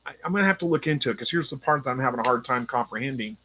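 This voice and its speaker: A man hosting a casual live stream, reading viewer comments aloud and thinking out loud with frequent ums. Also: mid-range voice, expressive, racing. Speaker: livestream host reading chat.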